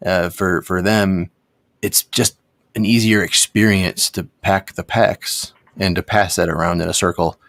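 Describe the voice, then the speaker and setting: A man co-hosting a casual chat about vapes, telling stories in quick, animated bursts with frequent restarts and swearing. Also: low voice, gravelly, no room sound, clean studio sound. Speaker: co-host of a cannabis vape review show.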